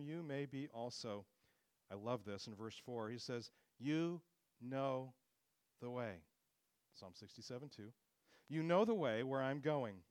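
A man's voice: mid-range voice, animated, measured pace, long pauses, darkish tone, smooth, no room sound. A man preaching a sermon with earnest, expository delivery, lifting his voice when he quotes scripture.

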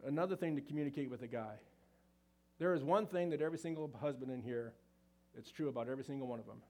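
A man gives a relaxed talk to a live audience about relationships. His pitch sits in the middle range, and his folksy, conversational delivery is full of fillers and restarts. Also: fast. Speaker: marriage seminar speaker.

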